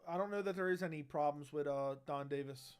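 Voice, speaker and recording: A man's voice: fairly high pitch, a little fast, smooth, soft background music. A brash young man hosting a casual livestream, reading chat and bantering loosely with slang and swearing into a studio mic. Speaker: livestream host. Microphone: studio dynamic mic.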